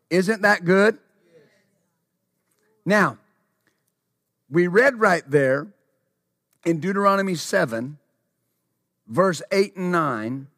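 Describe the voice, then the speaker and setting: Male preacher, high voice, repeats phrases, asks the crowd questions, dry close sound. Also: slow, pauses often, dry recording. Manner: stumbles and restarts when excited. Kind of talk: sermon.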